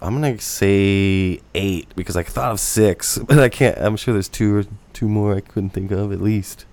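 A man with a fairly low voice joins a trivia game on a casual podcast. He jokes and teases the others, swearing now and then. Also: normal speed, a little mellow. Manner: joking, teasing, swears casually. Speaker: podcast co-host and quiz contestant.

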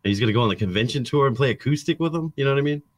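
A man's voice: mid-range voice, expressive, rapid-fire, dry recording, clean studio sound. A laid-back man co-hosting a podcast in casual chat, often saying "like". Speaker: podcast co-host.

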